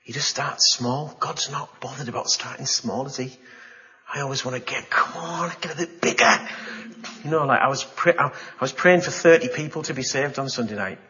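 A man delivers a sermon with a bright, forceful voice, dramatising the story with gasps and exclamations. He talks to his congregation like a storyteller. The recording is slightly dull and lo-fi. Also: medium pitch, moderate pace. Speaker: pastor.

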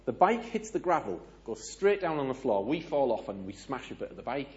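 British man, animated storyteller, addresses audience, mid-pitched voice, slightly dull recording. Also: brisk. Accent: British English. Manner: animated, asks audience questions, acts out dialogue. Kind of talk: storytelling sermon.

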